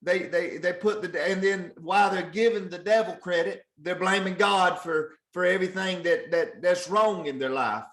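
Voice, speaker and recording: A man's voice: sits high, moderate pace, few pauses, a bit bright, roomy sound. A man giving an earnest, repetitive motivational talk as a sales trainer, pressing his point again and again.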